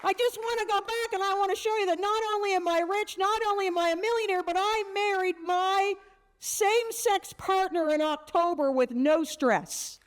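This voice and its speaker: A high-pitched woman around fifty, speaking as a motivational keynote to a room of teenage girls. She is brash and joking and tells punchy stories, with plenty of energy behind every line. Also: moderate pace, a faint crowd.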